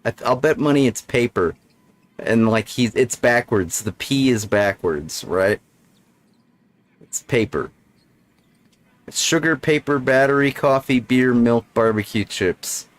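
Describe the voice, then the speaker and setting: A man's voice: mid-range voice, expressive, a little slow, long pauses. Jokey, rambling male game streamer. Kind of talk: casual game commentary.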